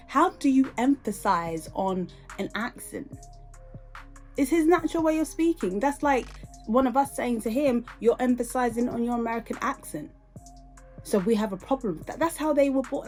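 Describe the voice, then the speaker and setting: A woman's voice: a little high, darkish tone. A woman with a British accent, from the UK, hosting a reaction podcast and firing off indignant rhetorical questions. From United Kingdom. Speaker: podcast host.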